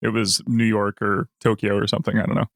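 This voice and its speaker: A man with a bright voice chimes in on a podcast with enthusiastic, casual remarks. His voice has a sharp edge. The sound is dry. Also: fairly low pitch, little pitch movement, quick pace, creaky, no echo. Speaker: podcast co-host. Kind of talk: casual chat.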